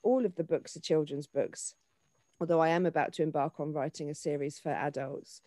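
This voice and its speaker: A woman in her forties, an actor and children's author, talking in an animated way in a casual interview, often restarting her sentences. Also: deep voice, a little fast, no echo. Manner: animated, with frequent restarts and fillers.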